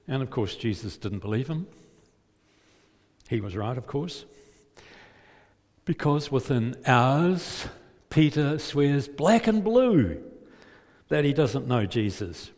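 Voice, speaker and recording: A man's voice: mid-range voice, expressive, takes it slowly, pauses often, darkish tone. A male preacher telling a gospel story vividly and putting rhetorical questions to his listeners. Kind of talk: sermon storytelling. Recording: long hall reverb.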